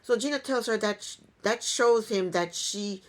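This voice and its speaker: A woman's voice: mid-range voice, moderate pace. A woman giving a casual reality TV recap in an opinionated, sarcastic way, with chuckling asides.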